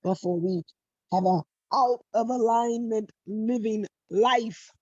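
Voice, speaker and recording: A woman's voice: fairly high pitch, slow pace, mellow, no room sound. A middle-aged woman life coach giving a motivational monologue, emphatic and blunt, repeating her phrases and swearing freely. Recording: dull dry lo-fi recording.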